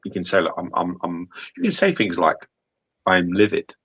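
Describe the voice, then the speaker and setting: A man with a low, husky voice holds forth on a casual podcast. He gets animated, swears freely and acts out other people's lines. The sound is close and dry, with no room echo. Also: fairly quick. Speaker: host. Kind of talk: casual chat.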